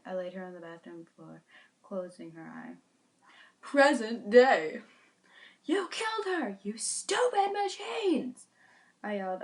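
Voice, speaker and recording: A woman reading her own short story aloud, earnestly and a little haltingly, with small slips, recorded on a phone. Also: fairly low pitch, a little mellow. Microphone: phone mic.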